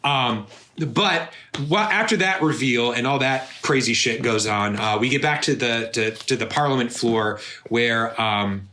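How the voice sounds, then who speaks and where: A man's voice: mid-range voice, measured pace, sharp tone, roomy sound. A man co-hosting a casual podcast from home, recapping the plot in a thoughtful, hedging way. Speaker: podcast co-host.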